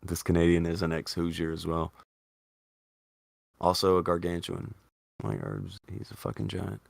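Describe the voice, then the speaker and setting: Low gravelly guy hosting a chat show, animated, swears a lot, dry close sound. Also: normal speed, dry recording. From Indiana. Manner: animated, swearing, jumps up in pitch when arguing. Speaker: podcast host. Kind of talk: casual chat.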